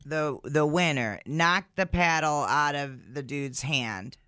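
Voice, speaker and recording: A man co-hosting a radio morning show, giving quick reactions and plainly laying out what happened. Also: a little high, bright, forceful tone, clear, resonant tone, dry recording, studio quality. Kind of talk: casual radio banter.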